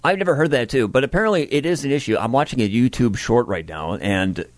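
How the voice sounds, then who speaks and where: A man's voice: medium pitch, lively intonation, fast talker, no echo. A man hosting a morning radio show, chatting with the weather presenter in a playful, musing way. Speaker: radio host.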